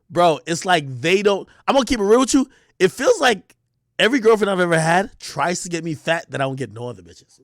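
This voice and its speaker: High-voiced male streamer, slangy and profane, repetitive, dry close sound. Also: no echo. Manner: animated, profane, slangy, repeats himself. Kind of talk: casual livestream rant.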